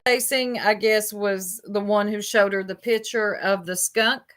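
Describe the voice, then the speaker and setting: Blunt, bright-voiced woman. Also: mid-range voice, level tone, measured pace. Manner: blunt, gossipy and chatty, swears casually. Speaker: livestream commentary host. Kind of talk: casual commentary, reading chat aloud.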